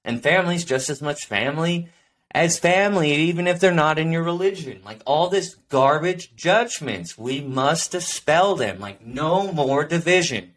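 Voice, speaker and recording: A man's voice: fairly high pitch, lively intonation, normal speed, fairly bright tone. A man hosting a solo podcast episode, talking in an earnest, rambling, reflective way with many fillers. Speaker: podcast host.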